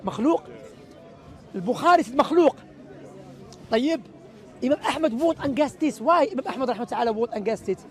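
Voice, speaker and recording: Man preacher, very high voice, emphatic street talk, faint crowd behind. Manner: emphatic, asks rhetorical questions. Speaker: Islamic preacher. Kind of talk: outdoor street talk on theology. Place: outdoors in a city.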